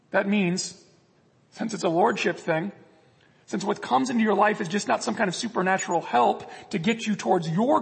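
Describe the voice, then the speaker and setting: A man's voice: high voice, creaky, husky, long reverb tail. A man preaching a sermon as a pastor, earnest, acting out prayers and God's replies in the quotes.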